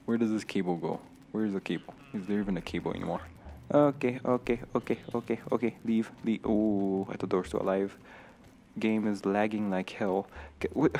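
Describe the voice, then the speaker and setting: A man's voice: on the low side, steady tone, fairly quick, dark tone, a little hiss or hum. A young man commentating his own gameplay, nervous and jumpy, talking to himself with frequent gasps and laughs. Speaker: gamer streamer. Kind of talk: let's play commentary.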